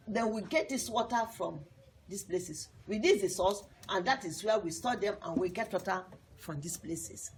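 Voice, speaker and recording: A woman's voice: a little high, fairly bright tone. A woman teaching a lesson to young pupils, repeating points emphatically and asking the class questions.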